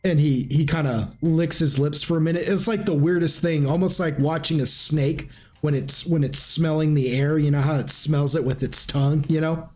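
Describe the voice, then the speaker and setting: A man's voice: on the high side, moderate pace, darkish tone, soft background music. A man running a tabletop game as game master, narrating in a rambling, informal way with restarts. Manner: rambling, informal, frequent restarts and clearing throat.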